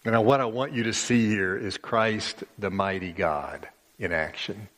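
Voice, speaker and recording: A man's voice: on the low side, normal speed, fairly bright tone, in a large hall. A male pastor preaching a sermon with emphatic, dramatic storytelling.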